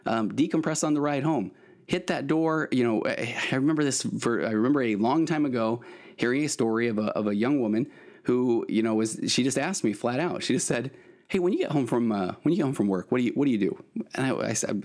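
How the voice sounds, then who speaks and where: Middle-aged male therapist-host, earnest coaching podcast monologue, mid-pitched voice. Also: quick pace, darkish tone.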